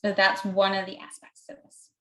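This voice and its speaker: A woman's voice: mid-range voice, completely flat delivery, normal speed, sharp tone, poor audio. A woman physician answering audience questions, explaining step by step in plain words with everyday comparisons and an occasional "um" as she thinks aloud.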